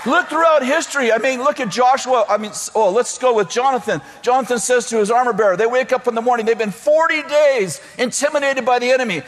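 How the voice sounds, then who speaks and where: A man's voice: very high-pitched, fast, few pauses, long reverb tail. A man preaching a sermon, telling comic stories and acting out the voices of the people in them. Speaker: pastor.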